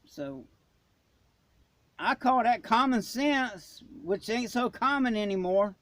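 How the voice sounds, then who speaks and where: A man's voice: extremely high pitch, takes it slowly, fairly bright tone, no room sound. A man from Florida who hosts a prepping channel, ranting in a blunt, emphatic, folksy way. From Florida, USA. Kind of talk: ranting vlog.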